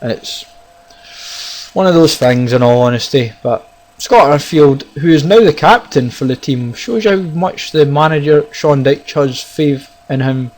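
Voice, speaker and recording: A man gives casual commentary over his own football video game, talking straight to his viewers. He is excitable and chatty, calling them guys and lads as the match goes on. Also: on the high side, a little slow, poor audio. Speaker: gaming YouTuber. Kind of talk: casual live gameplay commentary.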